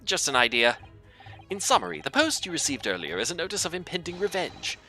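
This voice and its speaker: A smug, grandiose gentleman detective, played by a man reading a game aloud, swinging his voice high and low for drama. The tone is bright and forward, every sentence delivered with flourish. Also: very animated, brisk, vocal fry, soft background music, exaggerated voice. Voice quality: grandiose, florid way of talking. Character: theatrical eccentric male detective, pompous and smug.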